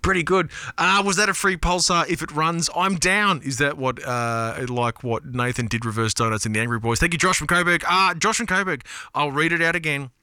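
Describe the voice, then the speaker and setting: A man with an Australian accent hosting a radio show in casual, rambling chat, reading out listener texts, excitable and swearing freely. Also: on the high side, fairly quick, clear, resonant tone, no room sound, studio quality. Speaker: radio host. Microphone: studio broadcast mic.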